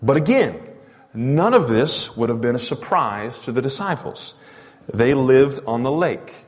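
A man's voice: mid-range voice, lively intonation, unhurried. A male pastor preaching a sermon, emphatic and full of rhetorical questions to the congregation. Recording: long reverb of a large hall.

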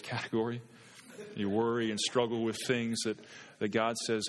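A man's voice: mid-range voice, steady tone, a little fast. A man in his thirties preaching a sermon as a pastor, earnest and building to impassioned pleading. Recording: long reverb of a large hall.

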